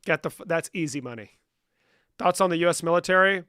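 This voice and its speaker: A man's voice: on the high side, moderate pace, bright, forceful tone, clear, resonant tone, no echo, studio quality. A young man hosting a livestream, reading chat questions and answering with profane, joking banter. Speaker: livestream host.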